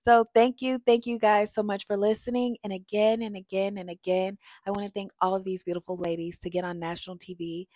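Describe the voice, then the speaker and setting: A woman giving a casual, chatty review of a reality TV episode, getting loud and animated when she is worked up. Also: medium pitch, a little fast, few pauses, dry recording.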